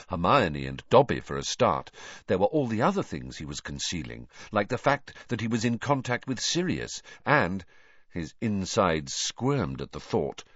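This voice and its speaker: Low-voiced man with animated narration. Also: no echo, dull audio. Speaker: audiobook reader. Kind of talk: scripted narration.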